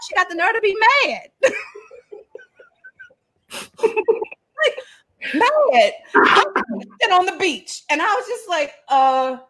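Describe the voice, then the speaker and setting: A woman telling a funny family story in a casual, animated way, often laughing and acting out what people said. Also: extremely high pitch. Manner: animated, laughing, acts out dialogue.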